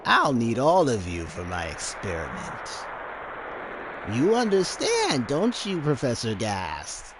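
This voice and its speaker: A man voicing a sinister older male scientist who speaks in a slow, sneering, high drawl. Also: wildly swooping pitch, background noise. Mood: gloating.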